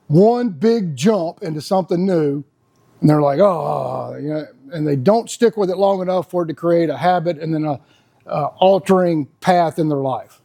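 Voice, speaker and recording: A man's voice: sits high, dark tone. A man, talking in a casual, blunt, folksy monologue as a podcast host. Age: 50s. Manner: folksy, blunt, laughs often.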